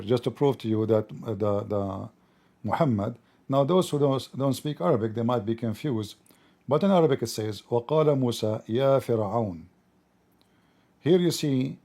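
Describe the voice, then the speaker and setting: A man hosts an online call-in discussion in a mellow, darker voice at a middle pitch. He explains points patiently, with frequent "uh" fillers, over plain remote-call audio. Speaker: host.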